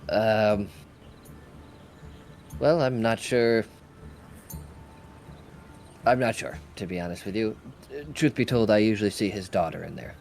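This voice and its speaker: A man's voice: lowish voice, unhurried, gravelly, pauses often, darkish tone, slight background noise. A man voicing a friendly, candid woman blacksmith who runs a shop and hesitates with lots of uhs and ums. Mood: helpful.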